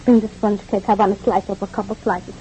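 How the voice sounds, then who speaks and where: With a medium-pitched, mellow voice and level tone, an actress talks a little fast, lightly acted, as a chatty, kindly immigrant mother in 1940s radio drama. She stammers, repeats, rambles and philosophizes. The old recording sounds dull, with a touch of hiss or hum.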